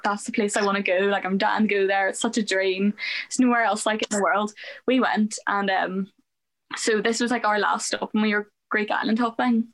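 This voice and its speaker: A Northern Irish woman in her twenties co-hosting a podcast, excitable and chatting casually about travel. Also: mid-range voice. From Northern Ireland. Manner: excitable, quick to laugh along. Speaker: podcast co-host. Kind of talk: casual chat.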